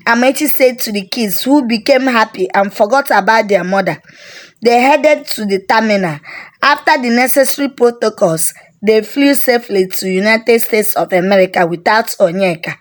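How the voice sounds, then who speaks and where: A woman with a Nigerian accent telling a story aloud. Her voice sits fairly high, and she reads in a steady, plain narrating manner. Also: normal speed.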